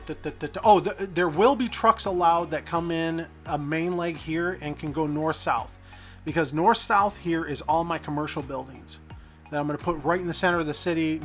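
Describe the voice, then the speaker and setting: A man's voice: on the high side, fairly bright tone. A man hosting a city-building gameplay video, rambling and thinking aloud in a goofy, self-deprecating way. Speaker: gaming channel host.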